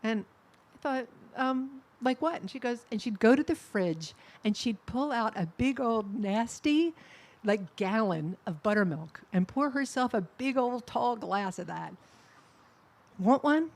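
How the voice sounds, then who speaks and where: A middle-aged woman giving a personal eulogy at a memorial service, telling fond anecdotes with soft laughs. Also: on the high side, expressive, a little slow.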